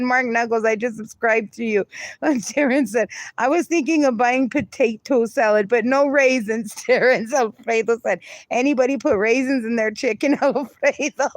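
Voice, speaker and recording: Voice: medium pitch, normal speed, dry recording, clean studio sound. A livestreamer in casual chat who reads viewer comments aloud and laughs often.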